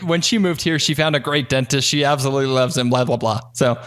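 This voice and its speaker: A young man co-hosting a podcast in casual chat, telling a story with lively voices for each side. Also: quick pace. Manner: animated storyteller, acts out both sides with big pitch jumps. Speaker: podcast co-host. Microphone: desk podcast mic.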